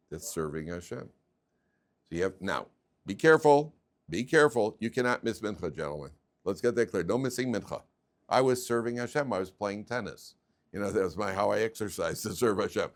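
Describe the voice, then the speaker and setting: Man, rabbi, classroom lecture, lowish voice, storytelling, repeats words, acts out characters. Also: fairly quick. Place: classroom with students.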